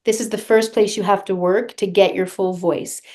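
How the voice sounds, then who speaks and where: A woman's voice: mid-range voice, steady tone, moderate pace, a little mellow. A woman vocal coach being interviewed on a podcast, talking earnestly and guiding listeners through a breathing exercise.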